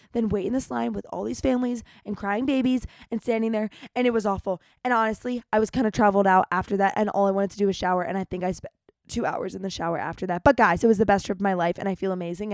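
A young woman hosting a podcast, telling stories in an animated, chatty way, with dramatic retellings. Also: mid-range voice, fast talker, no room sound. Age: young adult. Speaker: podcast host. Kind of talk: casual storytelling monologue.

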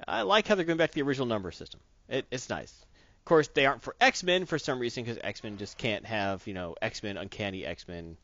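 A man's voice: medium pitch, lively intonation, a little fast, fairly bright tone, no echo. A man co-hosts a casual podcast, his voice swinging up and down as he jokes and laughs. The sound is dull and lo-fi, with a dry, close feel. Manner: jokey, laughs often, riffs on comics and movies. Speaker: podcast co-host.

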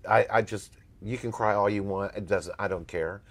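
A man's voice: fairly low pitch, moderate pace. A man, a former talent agent, telling blunt, emphatic stories as an interview guest. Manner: emphatic, blunt, animated storyteller.

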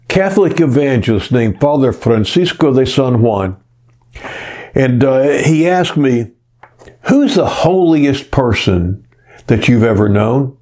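A male pastor preaching a sermon, telling stories earnestly and often pausing on "uh". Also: mid-range voice, mellow. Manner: earnest storytelling, frequent "uh" pauses.

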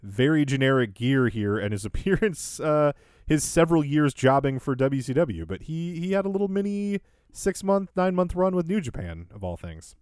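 A man's voice: a little high, very animated, moderate pace, darkish tone, clear, resonant tone, dry recording, clean studio sound. A man hosting a podcast, casually recapping events in order and laughing easily. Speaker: podcast host.

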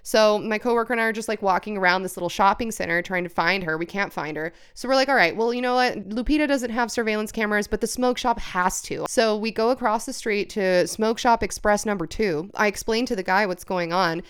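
A young woman telling a story on a podcast, animated and swearing freely as she acts out the people in it. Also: mid-range voice, brisk, hardly any pauses, clear, resonant tone.

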